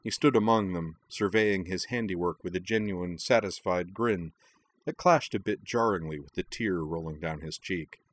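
A man narrating a story in a steady, calm reading voice. His pitch sits very low, and his delivery is measured and unhurried. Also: a little hiss or hum.

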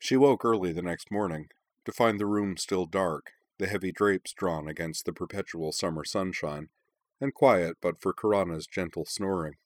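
A man reading a novel aloud in measured, even storytelling narration. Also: low-pitched, dry recording. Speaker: audiobook narrator. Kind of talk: scripted narration.

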